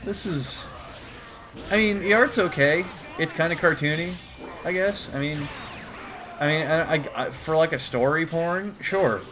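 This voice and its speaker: A man's voice: fairly high pitch, unhurried, music in the background. A man doing comedic commentary while reading a comic aloud, crude, profane and exasperated. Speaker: YouTuber.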